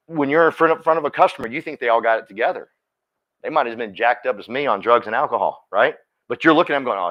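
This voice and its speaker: A man's voice: medium pitch, fairly bright tone. A man giving a motivational talk at a team meeting, speaking emphatically and calling on listeners by name. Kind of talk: motivational talk to a live audience.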